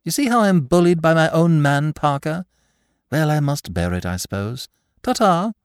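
A breezy, whimsical gentleman sleuth with a raised, lively voice that leaps about theatrically, as a man reads him. He sounds quick and airy, recorded in a dry, close space. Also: on the high side, clean tone, no echo, voice pushed up. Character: flippant aristocratic young male sleuth.

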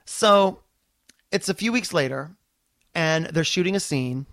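A male comedian telling a long story in casual chat, fast and profane, acting out the people he quotes. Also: on the high side, expressive, a bit bright, no room sound, clean studio sound.

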